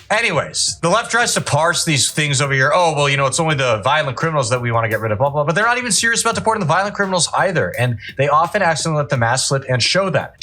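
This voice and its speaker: A man's voice: fairly high pitch, pushed and bright. A man hosting online political commentary, talking in a sarcastic, indignant and emphatic way.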